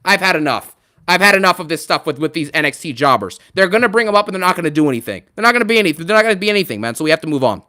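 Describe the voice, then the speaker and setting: A man hosting a live stream, ranting in an animated, sarcastic and emphatic way. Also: on the high side, very fast.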